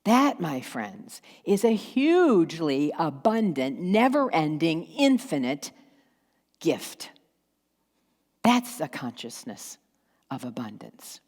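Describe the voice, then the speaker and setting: Slow-preaching woman pastor in echoing hall. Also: low-pitched, sing-song, darkish tone. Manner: slow, emphatic preaching with pauses and acted asides. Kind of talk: sermon. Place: church sanctuary. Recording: long hall reverb.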